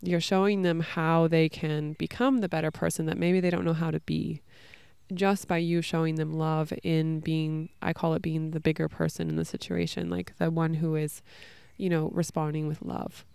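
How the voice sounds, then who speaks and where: A woman's voice: low-pitched, level tone, moderate pace, vocal fry, darkish tone, clean tone, no echo. A young woman hosting a solo podcast, talking in a casual, reflective way with many fillers. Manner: casual, frequent "like" and "you know". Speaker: podcast host.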